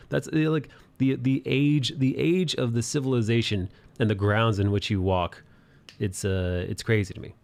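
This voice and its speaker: A man's voice: medium pitch, steady tone, moderate pace, creaky. A young man hosting a live drawing stream, chatting loosely, laughing and thanking viewers for their support. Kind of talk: casual live-stream chat. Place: apartment in an old city building.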